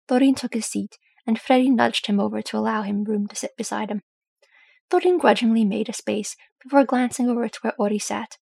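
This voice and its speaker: A woman reading a fan story aloud in a steady storytelling manner. Her voice is husky with some gravel, and the recording is dry and close. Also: medium pitch, no room sound. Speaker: audiobook reader.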